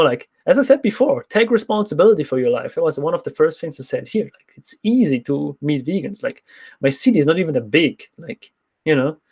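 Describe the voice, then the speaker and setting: This fitness coach from Switzerland speaks with a Swiss accent in a voice on the high side and a little mellow. He fields viewer questions in a frank, meandering livestream chat, restarting often.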